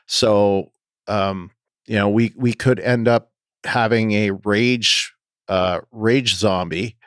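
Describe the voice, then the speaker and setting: A man co-hosting a podcast, talking casually and haltingly with many ums and restarts. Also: on the low side, fairly even intonation, clear, resonant tone, no echo, studio quality. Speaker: podcast co-host.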